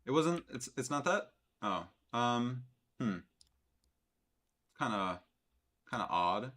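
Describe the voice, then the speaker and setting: Bright-voiced sarcastic male streamer. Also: medium pitch, animated, takes it slowly. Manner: sarcastic, mocking, rambling with many fillers. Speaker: streamer reacting to a video. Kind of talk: sarcastic live-stream commentary.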